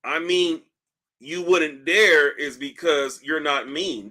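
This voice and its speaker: A man hosting a casual livestream, reading comments aloud in a loose, profane, animated way while in back pain. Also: on the high side, slow pace. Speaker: livestream host. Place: indoors at home, seated.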